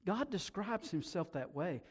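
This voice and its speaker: High-voiced animated male preacher. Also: unhurried, husky. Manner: animated, often repeats words and swings between soft and loud. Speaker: pastor. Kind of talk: sermon to a congregation.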